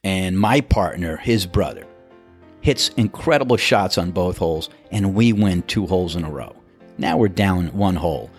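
A man casually telling a golf anecdote, animated and laughing as he acts out the other players' lines. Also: low-pitched, moderate pace, faint music behind.

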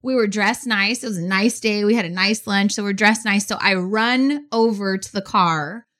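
A woman in her forties casually telling a story as a podcast host, animated and full of fillers. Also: medium pitch, moderate pace. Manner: animated, chatty, many "like" fillers.

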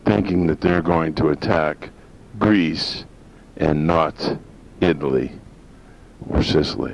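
A man from northern Maine hosting a talk radio show, rambling in a folksy, opinionated way. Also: low-pitched. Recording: dull lo-fi sound with faint hiss.

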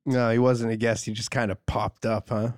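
A man's voice: medium pitch, flat delivery, normal speed. A man co-hosting a podcast in casual chat, laid-back and wisecracking. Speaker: podcast co-host. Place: podcast studio.

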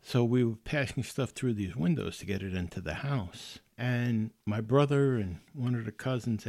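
A man's voice: lowish voice, darkish tone, no echo. A man telling a personal ghost story in a casual way, stumbling into restarts and acting out what others said. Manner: casual, with repeated restarts and acted-out quotes.

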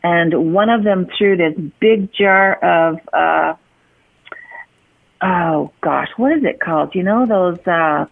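A woman's voice: lowish voice, slow, gravelly. Cheerful woman caller over the phone. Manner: cheerful, upbeat. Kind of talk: phone-in chat. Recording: tinny phone line.

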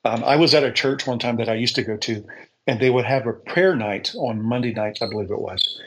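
Regular guy telling a heartfelt faith story, mid-pitched, stops and restarts a lot, earnest. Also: fairly quick, fairly bright tone, slight background noise, low-quality recording. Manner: earnest, repeats words as he searches for them; speaks with faith-filled conviction. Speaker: guest sharing a faith testimony. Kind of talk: casual storytelling on a call-in show.

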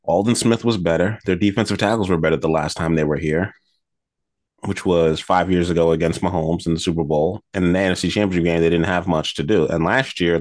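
A man's voice: low-pitched, dry recording, studio quality. A man co-hosting a sports betting podcast, giving confident, analytical football picks in casual talk.

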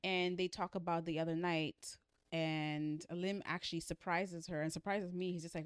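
A young woman co-hosting a casual book chat, animated and dramatic, laughing often. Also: lowish voice, normal speed, dry recording, studio quality. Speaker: podcast co-host.

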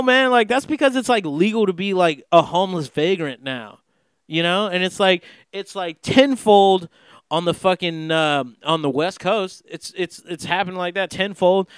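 Young man, casual profane monologue, filler-heavy, high-pitched, dry close mic. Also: clear, resonant tone, no echo. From Los Angeles area. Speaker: podcast host.

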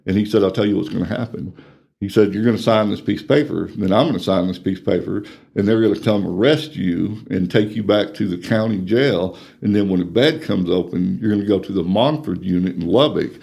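A middle-aged man with a drawl tells his story in an interview, plain-spoken and earnest. His voice sits low and dark, with a gravelly fry. He drops to a hush when things get painful. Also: brisk. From Texas, USA. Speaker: ministry coordinator.

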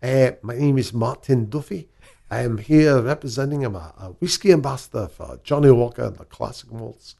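A courteous whisky ambassador with a gravelly voice and an overdone Scottish accent, put on by a man. He greets his audience politely. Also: mid-range voice, a little fast, dark tone. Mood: welcoming. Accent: fake Scottish.

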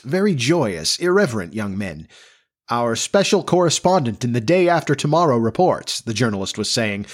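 Male narrator for a period novel audiobook, measured and steady, mid-pitched. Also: breathy edge. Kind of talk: audiobook reading of a classic novel.

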